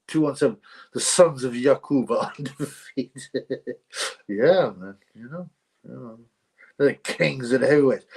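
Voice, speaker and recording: A man's voice: mid-range voice, a little mellow, husky. Chatty man hosting a livestream. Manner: chatty, laughs often, rambling with restarts. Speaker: livestream host. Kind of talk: casual livestream chat reading viewer comments.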